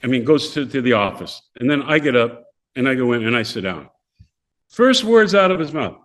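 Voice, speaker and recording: A man's voice: mid-range voice, fast talker. An older man, a podcast guest, telling casual stories and acting out the voices of people in them. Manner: animated, acts out voices of people in his stories. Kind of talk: casual storytelling.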